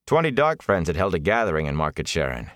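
A man narrating a fantasy novel as an audiobook, measured and expressive. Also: low-pitched, no echo, clean studio sound.

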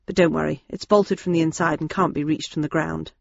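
A woman's voice: deep voice, fairly even intonation, fairly quick, vocal fry, dry recording, lo-fi sound, pitched below the performer's own voice. A woman reading the part of a dry-witted, unflappable old nun in an audiobook. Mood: wry.

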